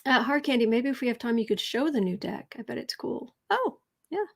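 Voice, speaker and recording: Fairly high-pitched and creaky, this tarot reader talks fast in a Southern accent as she runs a relaxed livestream. She chats with her audience, reads their comments out, throws in sarcastic remarks, and lowers her voice to a soft murmur whenever she shuffles.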